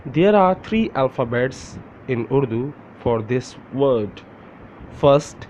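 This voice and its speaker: A man's voice: mid-range voice, extremely slow, a little mellow. A man teaching a pronunciation lesson step by step, spelling words letter by letter and repeating them for the listener. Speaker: language teacher. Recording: dull lo-fi recording with faint noise.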